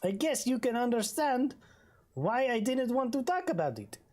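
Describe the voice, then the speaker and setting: A let's-play gamer voicing a meddling male hotel clerk in a high, squeaky put-on accent. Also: animated, slow pace, darkish tone. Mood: secretive.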